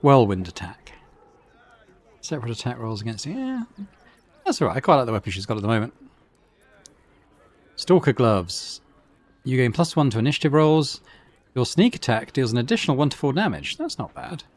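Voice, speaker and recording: A man's voice: medium pitch, very animated, normal speed, long pauses. Laid-back man musing over a game. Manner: laid-back, musing, reads item text aloud. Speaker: gaming channel host. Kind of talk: casual let's play commentary. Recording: game audio with faint music.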